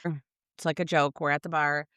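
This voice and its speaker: A middle-aged woman co-hosting a podcast, telling stories in animated casual chat and swearing freely. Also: sits low, moderate pace, clean tone, dry recording, clean studio sound. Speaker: podcast co-host.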